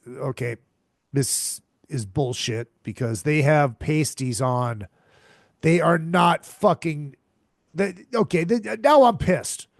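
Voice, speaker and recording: A man hosts a podcast and rants crudely, swearing and circling back to the same complaints over and over. His voice is gravelly and fairly high, and his pitch swings widely. It sounds dry and close. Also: a little mellow, no echo. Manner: profane, exasperated, repeats himself. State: tired and hungover. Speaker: podcast host. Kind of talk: crude comedic rant.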